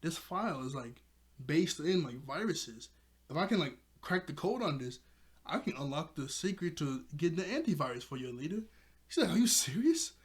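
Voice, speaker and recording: Animated young man recapping a cartoon. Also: fairly high pitch, moderate pace. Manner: animated, acts out characters' lines, laughs often. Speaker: episode reviewer. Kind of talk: casual spoken episode recap.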